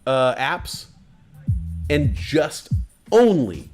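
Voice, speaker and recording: High-voiced man rambling slowly on stream. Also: very animated, darkish tone, faint music behind. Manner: rambling and crude, drifting into silly asides. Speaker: livestream host. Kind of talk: casual stream chat.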